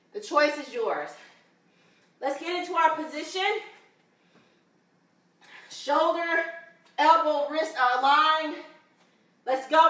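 A woman's voice: high voice, pushed and bright. A woman fitness instructor leading a home workout, counting reps and encouraging viewers, getting out of breath at times. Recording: echoey room, voice from a distance.

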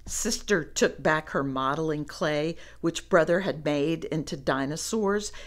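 A woman reading a children's storybook aloud, with animated asides to young listeners. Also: sits low, a little slow. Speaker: storybook reader.

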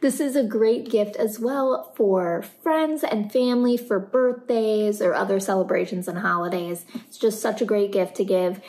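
A woman's voice: medium pitch, a little mellow. Bubbly woman doing a sponsor read. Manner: bubbly, enthusiastic product praise. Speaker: reaction channel host. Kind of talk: sponsor read, then reacting to anime.

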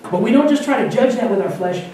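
A man's voice: extremely high pitch, expressive, fast, dark tone, far from the mic. A man who is a pastor from Wyoming and North Dakota, giving an informal sermon in a conversational way, often restarting his sentences. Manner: conversational, self-interrupting, acts out quotes. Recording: very echoey room, voice from afar, faint noise.

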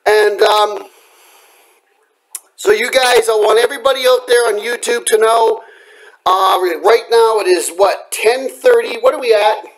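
A man's voice: sits high, steady tone, measured pace, rough recording. An agitated man ranting angrily and profanely to his camera at home at night, his voice cracking as he threatens the neighbours. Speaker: vlogger. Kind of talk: angry rant to camera.

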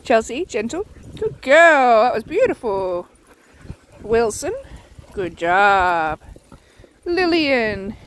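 A woman's voice: mid-range voice, slight background noise. A woman at a dog daycare talking in a sing-song way to the dogs, praising them one by one, with a light Australian accent. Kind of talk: casual talk to dogs.

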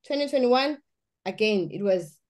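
Woman, personal testimony, earnest and emphatic, lots of restarts, mid-pitched voice. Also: expressive, normal speed, a little mellow. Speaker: guest giving a testimony.

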